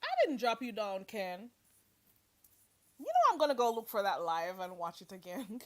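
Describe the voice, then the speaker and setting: A woman's voice: mid-range voice, sing-song, normal speed, pauses often, a bit bright, no echo. A woman hosting a livestream, giving blunt, sassy commentary and preachy advice. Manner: blunt, sassy, preachy, calls listeners "girl". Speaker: livestream host.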